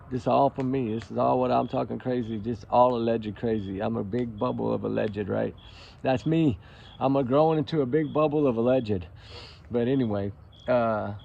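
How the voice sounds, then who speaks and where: Gravelly man by a campfire. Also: mid-range voice, darkish tone, lo-fi sound, slight background noise. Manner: rambling, folksy, swings between joking and angry. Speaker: channel host. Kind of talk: casual nighttime talk by a campfire. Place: outdoors at a campfire at night.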